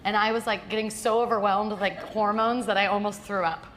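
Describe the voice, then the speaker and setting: A woman's voice: medium pitch, fairly even intonation, fairly quick, a bit bright. A young actress in her twenties answering audience questions casually, rambling and self-deprecating with lots of "like". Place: auditorium with live audience. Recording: echoey hall with reverb and clear noise.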